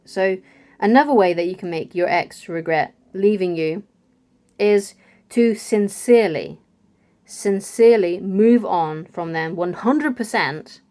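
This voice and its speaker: A woman's voice: medium pitch, a little slow, dark tone. A woman giving casual relationship advice to camera, chatty, often asking "right?" and laughing lightly. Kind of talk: casual advice video talk.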